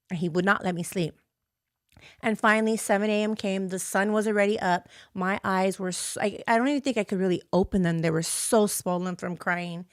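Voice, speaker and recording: A woman hosting a podcast candidly tells a painful personal story with strong emotion, swearing freely and acting out quoted lines in changed voices. Her medium-pitched voice has vocal fry, recorded with studio quality and no room sound.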